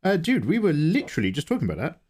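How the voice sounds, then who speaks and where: Casting: english male streamer, lively sing-song delivery, chatty and self-mocking. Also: fairly high pitch, rapid-fire, husky. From England. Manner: chatty, greets viewers, self-deprecating jokes. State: sleepy, low energy. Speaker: livestream host, illustrator. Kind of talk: casual livestream chat.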